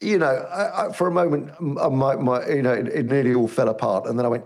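A man's voice: mid-range voice, quick pace, hardly any pauses. A man guesting on a radio interview, telling stories animatedly with many restarts. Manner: animated storytelling with frequent restarts.

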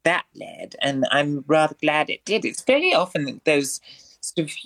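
A man's voice: on the high side, big pitch swings, normal speed, vocal fry, fairly bright tone. A man, a performer as a guest in a radio interview, speaking in a florid, theatrical way with elaborate vocabulary. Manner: florid, theatrical speech full of ornate words.

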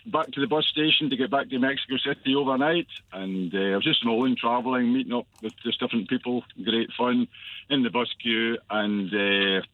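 A man's voice: mid-range voice, no echo. A Scottish man in his sixties calls into a radio show and tells a long story. He talks in a rambling, enthusiastic way with plenty of hesitations. His voice is narrow and tinny, like a phone line, and dry. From Scotland. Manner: rambling, enthusiastic with many "uh" pauses. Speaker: caller.

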